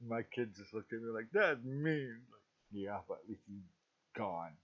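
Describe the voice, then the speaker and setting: A man's voice: on the low side, steady tone, normal speed. A middle-aged man reviewing a movie in a casual, rambling talk, often stopping to ask "okay?". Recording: dull lo-fi recording.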